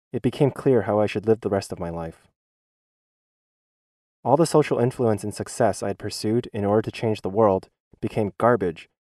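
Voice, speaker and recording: A man's voice: on the low side, dark tone, dry recording, clean studio sound. Earnest man reading a church testimony. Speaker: schoolteacher giving a church testimony. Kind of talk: dubbed testimony voice-over.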